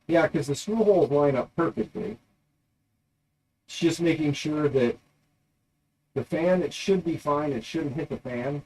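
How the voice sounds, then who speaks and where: A man's voice: on the high side, a little slow, long pauses, darkish tone. A man hosting a casual livestream, thinking aloud in a rambling way as he tinkers. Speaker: livestream host.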